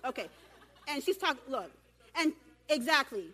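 A woman giving a lively sermon at a church women's event and directing volunteers from the audience. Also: high voice, normal speed. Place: church hall.

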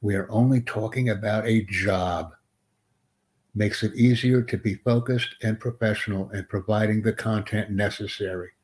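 Man, live stream host, interview coach, slow deliberate delivery, stern and corrective. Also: on the low side, steady tone, darkish tone.

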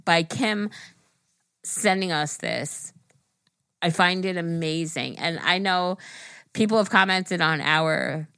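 A woman's voice: lowish voice, slow pace, pauses often, sharp tone, clean tone, no echo, studio quality. A woman co-hosting a podcast, chatting casually, laughing often and swearing freely. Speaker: podcast co-host. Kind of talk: casual chat.

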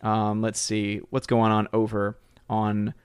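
A man's voice: lowish voice, monotone, takes it slowly, smooth, dry recording, studio quality. A man hosting a live stream, chatting casually and reading out viewer comments with frequent fillers. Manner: chatty, reads chat names aloud with frequent fillers. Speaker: livestream host.

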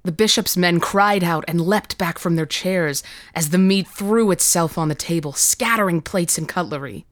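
A woman reading a scripted horror story in a measured, vivid storytelling manner. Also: on the low side, no room sound. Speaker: narrator.

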